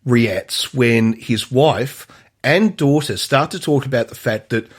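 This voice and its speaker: A man co-hosting a movie podcast in casual conversation, often pausing and restarting his sentences. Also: medium pitch, breathy edge. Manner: halting, many restarts and fillers. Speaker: podcast co-host. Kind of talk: casual movie review chat.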